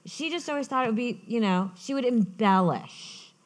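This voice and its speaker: A woman author talking as a guest in an onstage conversation at a festival. She tells lively anecdotes and often restarts her sentences. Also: on the high side, normal speed. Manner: lively storytelling, frequent restarts. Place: festival stage.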